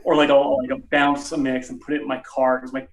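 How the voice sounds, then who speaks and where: A man's voice: mid-range voice, fast talker. A man who plays in a band, chatting in an interview, rambling with lots of fillers. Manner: rambling, animated, many fillers. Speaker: musician guest. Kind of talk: casual interview chat. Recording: roomy sound from off the mic.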